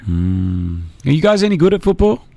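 Male breakfast radio host, slightly higher voice, playful and teasing, dry studio sound. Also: dry recording. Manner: lively, teasing, quick to laugh.

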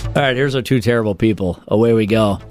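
A man's voice: on the low side, fast, over music. A man co-hosting a casual comedic chat show, reading out stories and riffing profanely, acting out quoted voices. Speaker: podcast co-host.

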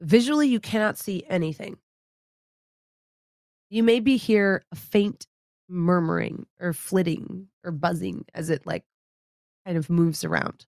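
A woman narrating as game master in a tabletop game, relaxed and descriptive, and she corrects herself casually. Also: lowish voice, measured pace, pauses often, no room sound, studio quality.

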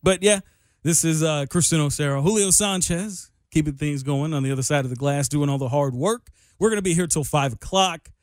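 A man's voice: on the high side, a little fast, no echo. A young man hosting a sports radio show in a studio, talking in a loose, rambling, self-deprecating way. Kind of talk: casual sports radio talk. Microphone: studio microphone.

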